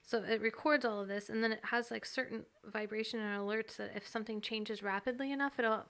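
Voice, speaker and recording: Female co-host for a casual chat podcast, higher-pitched, eager and explanatory. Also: steady tone, brisk, a bit bright. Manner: enthusiastic, explaining.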